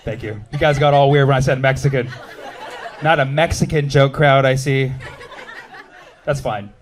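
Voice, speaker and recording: A man doing a stand-up comedy set on a club stage, quick and sardonic, trading jabs with the audience. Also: medium pitch, steady tone, slight background noise. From United States. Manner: quick, sardonic, jumping between bits and audience banter.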